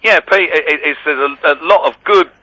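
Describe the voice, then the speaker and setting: A man's voice: on the high side, a little fast, sharp tone, poor audio. A man calling in to a radio phone-in, chatting casually and rambling, often stumbling over his words. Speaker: caller.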